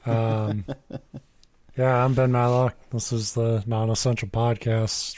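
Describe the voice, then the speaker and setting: A man hosting a casual podcast, swearing freely and cracking deadpan, sarcastic jokes. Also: lowish voice, a little slow, dry recording. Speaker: podcast host. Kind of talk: casual chat.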